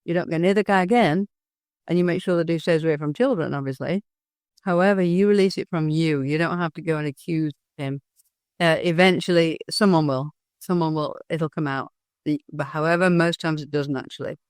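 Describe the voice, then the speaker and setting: Earnest, animated middle-aged woman guest. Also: low-pitched, fairly quick, clean tone, no echo, clean studio sound. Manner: earnest, animated storytelling with frequent restarts. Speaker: guest, hypnosis and NLP trainer. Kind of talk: candid interview talk.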